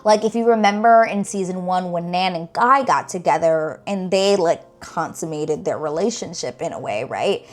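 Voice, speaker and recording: A young woman talking casually to camera as a TV reaction vlogger, animated and exasperated, filling her speech with "like" and "girl". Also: lowish voice, normal speed, hardly any pauses.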